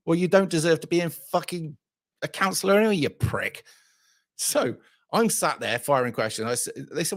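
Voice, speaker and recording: A channel host rants bluntly in a casual vlog, swearing freely and telling stories with re-enacted dialogue. His mid-range voice is sing-song and brisk.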